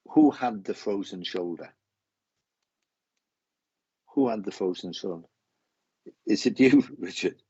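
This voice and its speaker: Halting, husky low-voiced man. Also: darkish tone, no room sound, muffled recording. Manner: halting, repeats phrases, emotional. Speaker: psychic medium host. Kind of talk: live psychic reading.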